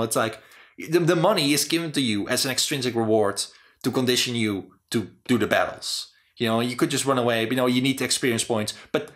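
A man's voice: mid-range voice, fairly bright tone. A young man hosting a casual chat about game design, rambling and exasperated, with frequent swearing. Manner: rambling, profane, exasperated ranting. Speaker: host.

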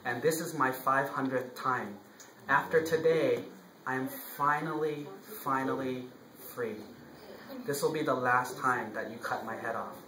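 A man voicing a calm, forgiving male goat in a spoken story, in a gentle storytelling voice. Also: mid-range voice, measured pace, roomy sound, slight background noise, rough recording.

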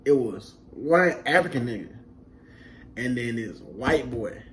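A young vlog host shares barracks stories in relaxed chat, acting out quotes in different voices and laughing often. He speaks a little slowly at medium pitch, over slight hiss or hum.

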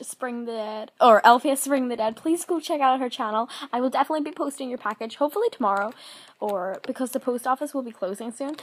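A young woman vlogging an unboxing, gushing and gasping, often dropping to an excited whisper. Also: fairly high pitch.

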